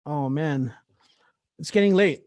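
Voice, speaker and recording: A man's voice: fairly high pitch, slow, a little mellow, no room sound. A man hosting a livestreamed open mic from home over a computer mic, performing rhythmic spoken word poetry full of wordplay and then teasing a guest in casual talk. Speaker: open mic host and poet.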